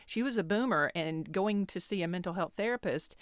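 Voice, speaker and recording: A woman in her fifties talks through a personal memory in a candid, self-deprecating way, circling back and restarting her sentences. Her voice sits a little low for a woman. It is recorded close and dry, with no room sound. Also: animated, brisk, dry recording. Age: 50s. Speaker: podcast host. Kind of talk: personal storytelling monologue.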